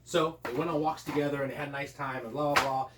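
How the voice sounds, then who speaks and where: A man's voice: mid-range voice, steady tone, quick pace. A man, a father, improvising a playful, meandering bedtime story for his kids at home. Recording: roomy, distant, noisy home recording.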